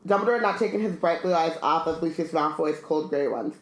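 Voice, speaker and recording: A podcast co-host with a mid-range voice reads a novel aloud and chats about it in a relaxed way. The room adds a noticeable echo. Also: mid-range voice, a little fast. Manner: casual and chatty, reads dialogue plainly. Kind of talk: casual read-aloud and book chat.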